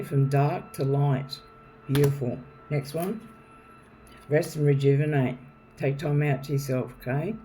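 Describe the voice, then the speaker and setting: Chatty, mellow-voiced man reading tarot. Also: fairly high pitch. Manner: chatty and rambling, calls the viewer darling. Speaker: tarot reader. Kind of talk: casual tarot card reading to camera. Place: home, with a noisy neighbour drilling nearby. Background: faint drilling and household noise.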